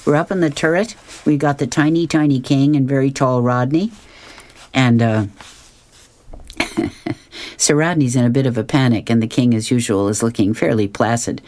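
A man's voice: medium pitch, steady tone, normal speed, long pauses, darkish tone. A man reading comic strips aloud, describing each panel and chuckling often. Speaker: reader.

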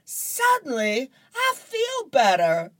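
A woman voicing a whiny boy who fakes aches to get out of a chore, in a high, drawn-out voice. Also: huge pitch swings, a bit bright, far from the mic, heavily acted. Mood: perky.

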